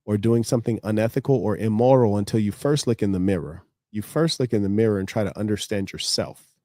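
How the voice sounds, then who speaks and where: A man's voice: lowish voice, a little mellow, no echo, clean studio sound. An American man streaming live, lecturing his viewers in a confrontational monologue. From United States.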